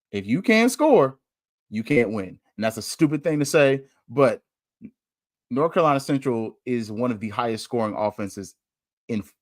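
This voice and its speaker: A man's voice: medium pitch, dry recording, clean studio sound. A young man, hosting a casual sports podcast and making joking, trash-talking predictions. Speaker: podcast host.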